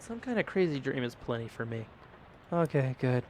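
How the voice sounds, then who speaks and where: Over a noisy background, a man with a medium-pitched, sing-song voice does let's play commentary at normal speed. This gaming YouTuber reads the game's text aloud in mock old English, throwing in jokes and swearing between lines.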